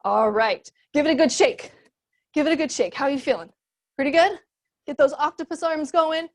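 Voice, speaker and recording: A woman's voice: high voice, normal speed. A young adult woman leading a kids yoga class, giving playful, encouraging sing-song cues.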